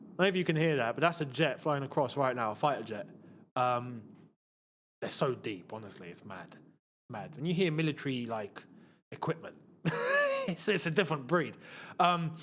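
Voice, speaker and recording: Chatty man with lively pitch. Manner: chatty, reads out viewer comments, bursts into emotional shouts. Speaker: football channel host. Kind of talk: live watchalong commentary.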